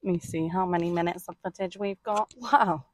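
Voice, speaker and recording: A woman's voice: fairly low pitch, steady tone, fairly quick, no echo. Easygoing woman hosting a podcast. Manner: rambling, easygoing, many "like" fillers. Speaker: podcast host. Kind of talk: casual chat. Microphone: podcast mic.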